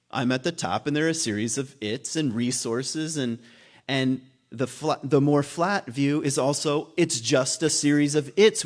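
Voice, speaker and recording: Man giving a musing, casual sermon. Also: mid-range voice. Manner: conversational and musing, laughs at himself, many restarts. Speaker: guest speaker at a spiritual community. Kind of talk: informal sermon talk.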